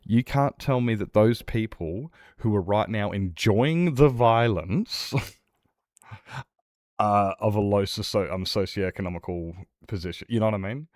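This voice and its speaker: A man's voice: lowish voice, measured pace, a little mellow, dry recording, clean studio sound. A young man streaming a game, chatting casually with chat in a rambling, blunt way and swearing freely. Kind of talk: casual chat while gaming.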